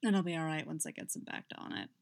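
Woman doing a low clipped bounty hunter. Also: quick pace, gravelly, dry recording. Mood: amused. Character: gruff terse male bounty hunter.

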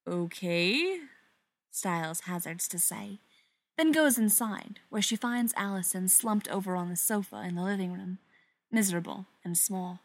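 A woman reading fan fiction aloud in an expressive, wry storytelling manner. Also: mid-range voice, moderate pace, dry recording. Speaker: reader.

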